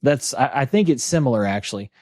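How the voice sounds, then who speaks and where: A man's voice: mid-range voice, expressive, fast talker, darkish tone, no echo, studio quality. A man with an East Tennessee accent co-hosting a podcast in casual, joking chat. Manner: chatty, joking, many restarts. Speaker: podcast co-host.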